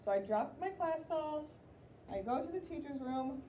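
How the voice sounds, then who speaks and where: Woman teacher, fairly high voice, slow sounding-out for little kids, roomy distant classroom recording with noise. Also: lively intonation, warm tone, dull audio. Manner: slow, sounding out words for young children. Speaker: elementary school teacher. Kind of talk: classroom writing lesson.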